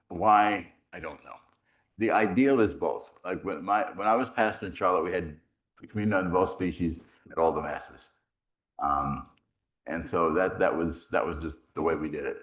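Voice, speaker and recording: A middle-aged man, a priest, giving a rambling, animated retreat talk full of stories and self-deprecating humor. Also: low-pitched. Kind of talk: conversational retreat conference, storytelling.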